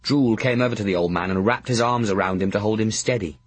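A man's voice: on the low side, fast talker, no room sound. A man narrating a first-person audiobook in a wry, dry storytelling manner.

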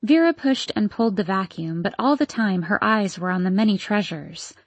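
A woman narrating a first-person novel as an audiobook, with measured, expressive storytelling. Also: mid-range voice, dry recording.

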